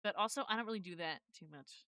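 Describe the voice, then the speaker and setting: A woman's voice: medium pitch, quick pace, bright, forceful tone, no echo, studio quality. A woman streamer in casual live chat, explaining a process in a rambling way, often correcting herself. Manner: rambling, self-correcting, thanks viewers. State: has hiccups.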